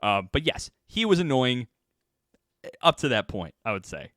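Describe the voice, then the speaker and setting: Relaxed man musing in podcast chat. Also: mid-range voice, moderate pace, no echo, clean studio sound. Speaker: podcast guest. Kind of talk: casual anime chat.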